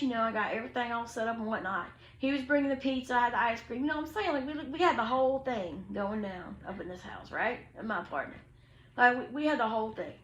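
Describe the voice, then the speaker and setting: A young woman, telling a story to her viewers in an animated, slangy way, acting out what people said. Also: a little high, echoey room, low-quality recording. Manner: animated, slangy, quotes people in lively voices. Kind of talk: casual storytime chat.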